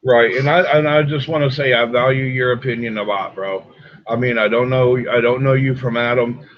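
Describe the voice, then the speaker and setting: A man's voice: fairly even intonation, normal speed. Earnest man on a muffled call line. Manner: earnest, sincere, swears casually. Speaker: guest. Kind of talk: casual conversation on a live stream. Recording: muffled low-fi call audio.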